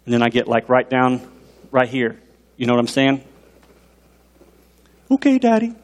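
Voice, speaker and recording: A man preaching a sermon as a pastor. He talks in an animated way and asks the congregation questions. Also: mid-range voice, a little fast. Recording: long reverb in a large hall.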